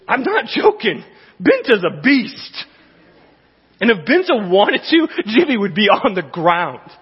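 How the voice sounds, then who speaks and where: Male pastor, high husky voice, chatty animated sermon, long church reverb on a dull recording. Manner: conversational, animated preaching with repetitions.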